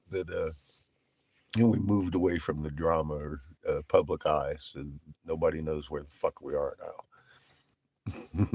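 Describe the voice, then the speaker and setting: A man's voice: very deep voice, sing-song, slow pace, pauses often, breathy edge, no room sound. A man telling a rambling story in a casual vlog, cursing freely and breaking into laughter. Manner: rambling, profane, laughs often. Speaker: vlogger.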